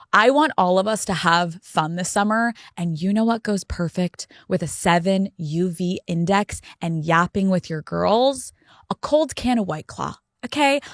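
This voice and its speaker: A woman's voice: on the low side, no room sound. Blunt woman podcast host, dry sound. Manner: blunt, swears freely, conversational. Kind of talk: casual podcast chat and read-out ad. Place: podcast studio.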